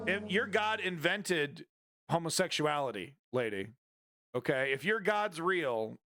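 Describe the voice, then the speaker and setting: A man's voice: sits high, animated, takes it slowly, over loud music. A man commenting on news during a livestream, talking in a crude, irreverent and mocking way.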